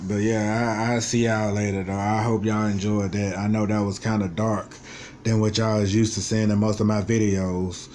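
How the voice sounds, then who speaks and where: Low-voiced man venting bluntly. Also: little pitch movement, moderate pace, darkish tone, slight background noise. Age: 20s. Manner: blunt, profane, frustrated venting. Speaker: vlogger. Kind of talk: personal vlog monologue.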